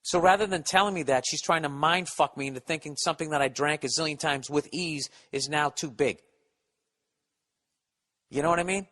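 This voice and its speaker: A man's voice: fairly high pitch, normal speed, pushed and bright. A man hosting a podcast, ranting in a casual, profane, sarcastic and rambling way. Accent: Boston. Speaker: podcast host. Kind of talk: casual comedic rant.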